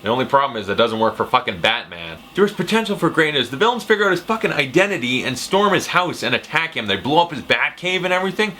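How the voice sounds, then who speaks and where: A man's voice: on the high side, big pitch swings, fast, hardly any pauses, pushed and bright, slight background noise. A man giving a casual, profane, ranting movie review. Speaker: film reviewer.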